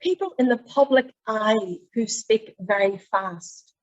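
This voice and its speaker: A woman's voice: a little high, slow pace, muffled recording. A middle-aged woman with a Northern Irish accent, running a presentation skills workshop in a chatty, explaining way. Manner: chatty, explains with demonstrations of voice habits. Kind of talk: online workshop teaching.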